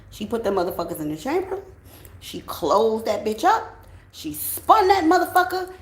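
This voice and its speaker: Blunt, cussing woman in an echoey room. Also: mid-range voice. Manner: blunt, heavy cursing, animated storytelling. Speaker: tarot channel host. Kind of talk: casual storytelling to viewers.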